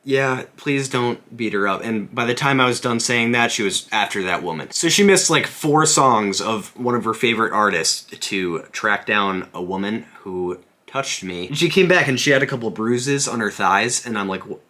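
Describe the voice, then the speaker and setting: Bright-voiced young man telling a story. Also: lowish voice, normal speed, hardly any pauses. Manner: joking, animated, self-deprecating. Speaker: vlogger. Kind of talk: casual storytelling vlog.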